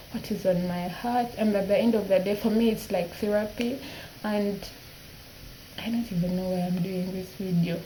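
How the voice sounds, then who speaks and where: A woman in her twenties talking through tears in a personal vlog, halting and repeating herself. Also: mid-range voice, mellow, slight background noise, low-quality recording. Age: 20s. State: tearful, crying at times. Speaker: vlogger.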